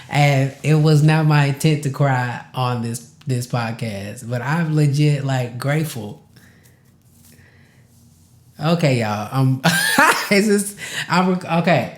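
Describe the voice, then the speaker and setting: A man hosts a podcast in a slow, unhurried way, speaking from the heart and fighting back tears. He stresses words by repeating them. His voice rings in an echoey room. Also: mid-range voice. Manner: emotional, close to tears, laughing through it; casual, repeats words for emphasis. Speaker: podcast host.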